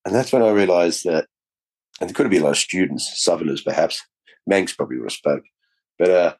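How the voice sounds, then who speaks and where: Low, darkish, and animated, this man talks fast as a comedian guest on a podcast. Middle-aged and blunt, he jokes around, swears, calls people mate, and plays out small scenes in a casual chat.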